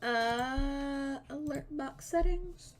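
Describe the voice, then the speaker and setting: A young woman live-streaming a game, chatting casually with lots of swearing and loud bursts of laughter. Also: high-pitched, drawn-out words, a little hiss or hum. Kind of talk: casual live-stream chat while gaming.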